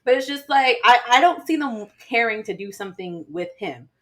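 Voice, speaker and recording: A woman co-host in an easygoing chat, her voice sitting a little high. She talks loosely, padding her thoughts with fillers and often breaking into laughter. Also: lively intonation, normal speed, fairly bright tone. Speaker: podcast co-host. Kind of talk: casual chat about wrestling.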